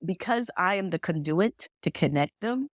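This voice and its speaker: Speaking at a normal speed in a lowish voice, this woman, a medium guesting on a podcast, tells stories conversationally and animatedly acts out the dialogue within them. The sound is clean studio quality with no echo.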